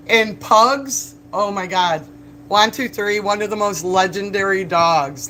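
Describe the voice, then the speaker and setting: Man, live-stream chat, bright forceful voice, slightly high, chatty storyteller, laughs and curses a lot. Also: slight background noise, poor audio. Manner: animated storyteller, laughs often, swears freely. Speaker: bar worker live-streaming. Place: bar, indoors.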